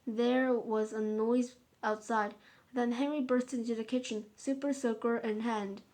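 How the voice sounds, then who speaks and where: Woman reading a children's story aloud, slow careful pace, occasional stumbles. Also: on the high side, steady tone.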